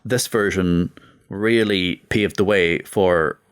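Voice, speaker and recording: Animated man in his thirties, lowish voice. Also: takes it slowly, smooth. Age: 30s. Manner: animated, emphatic, acts out quotes. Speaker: podcast co-host. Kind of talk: casual chat.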